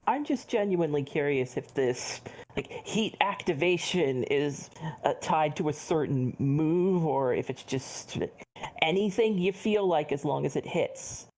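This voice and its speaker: Easygoing low-voiced podcast woman. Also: lively intonation, a little slow, darkish tone. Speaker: podcast co-host. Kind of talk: casual podcast chat.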